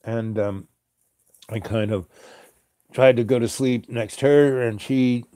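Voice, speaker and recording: A man rambles through a late-night story, hesitant and full of fillers and soft chuckles. His voice is mellow and warm, recorded dry and close with no room sound. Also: medium pitch, steady tone, slow, no echo. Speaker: host.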